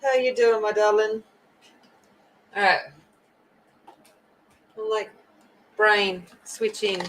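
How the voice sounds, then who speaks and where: A woman's voice: medium pitch, steady tone, slow, pauses often, a bit bright, a little hiss or hum, poor audio. A woman hosting a coloring livestream, chatting casually and greeting viewers by name. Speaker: livestream host. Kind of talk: casual chat while coloring.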